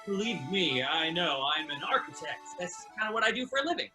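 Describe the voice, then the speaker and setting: Improv player on a video call, very bright, animated man's voice that swoops around. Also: high voice, a little fast, soft background music. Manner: animated, blustery. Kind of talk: improvised comedy scene.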